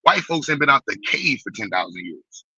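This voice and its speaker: A man with a New York accent hosting a blunt, profane, animated rant in quick bursts. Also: medium pitch, slightly rough, no echo. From Brooklyn, New York. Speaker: host. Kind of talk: casual ranting commentary. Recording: dull, muffled dry sound.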